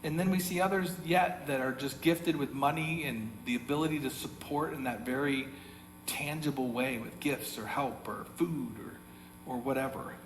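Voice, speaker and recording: A man's voice: mid-range voice, moderate pace. A man with an American accent preaching a sermon as pastor, in a conversational way that repeats key phrases, with the odd chuckle. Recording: echoey hall with mains hum.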